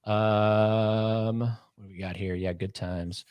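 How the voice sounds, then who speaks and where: A man's voice: on the low side, fairly even intonation, slow, smooth, no echo, muffled recording. A man in his thirties co-hosting a casual livestream, reading chat comments aloud and teasing with a rambling, joking manner. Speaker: podcast co-host.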